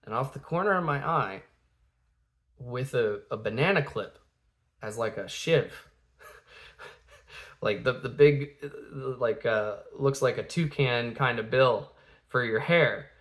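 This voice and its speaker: A man's voice: medium pitch, slow, pauses often, fairly bright tone. A man in his thirties, a father telling a family story in a casual, rambling way, full of fillers and restarts, acting out the quotes.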